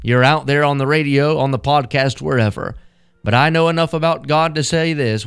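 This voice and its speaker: Fervent radio preacher man, smooth voice. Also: a little high, normal speed, fairly bright tone, faint music behind. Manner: emphatic repetition, rising to fervent peaks. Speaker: assistant pastor, radio preacher. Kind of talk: radio sermon.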